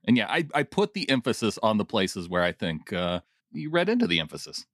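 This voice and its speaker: A man co-hosting a casual sports talk show, measured and reading a statement aloud with emphasis. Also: lowish voice, big pitch swings, a bit bright, no echo, studio quality. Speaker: sports podcast co-host.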